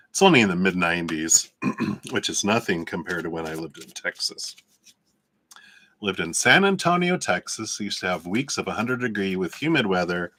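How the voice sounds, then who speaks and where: A man hosting a live tarot reading stream, chatty and laughing often between remarks, sometimes reading card meanings slowly and soothingly. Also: deep voice, sharp tone, dry recording.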